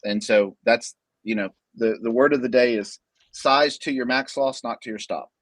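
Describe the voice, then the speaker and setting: A man's voice: mid-range voice, normal speed, dry recording. Man, show host, casual chat, jokey, stammering restarts, dry close sound.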